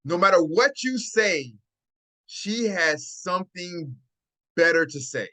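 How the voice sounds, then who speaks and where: Hosting a relaxed dating-advice live stream, this man speaks into a phone in a bright, fairly high voice, expressive and slow. He rambles casually, tosses in "right?" over and over, and chuckles frequently.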